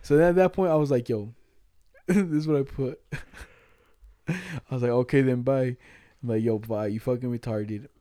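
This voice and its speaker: A man's voice: medium pitch, moderate pace, no room sound. A man in his twenties, co-hosting a podcast, telling a story casually and profanely, acting out quoted chat lines. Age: 20s. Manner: animated, profane, retelling chats with quoted lines. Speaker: podcast co-host.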